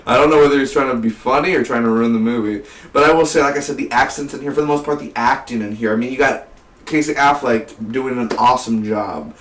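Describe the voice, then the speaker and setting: A man's voice: mid-range voice, fast, fairly bright tone. A man giving a rambling, casual movie review for his vlog, full of fillers and repeated "man". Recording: roomy, distant from the mic.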